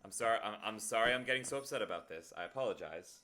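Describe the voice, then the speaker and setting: A man's voice: fairly low pitch, animated, rapid-fire, pushed and bright. A man streaming a video game live, talking earnestly and directly to his viewers in casual chat. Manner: earnest, talks straight to viewers.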